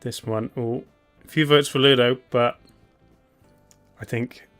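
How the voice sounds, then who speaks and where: A man talks unhurriedly in a middle-pitched voice while hosting a live stream. He stays relaxed and chatty, chuckles now and then and hums to fill the pauses. Soft music plays faintly behind him, along with keyboard clicks. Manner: laid-back, chuckling, hums idly while waiting. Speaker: streamer host. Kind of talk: casual live-stream commentary.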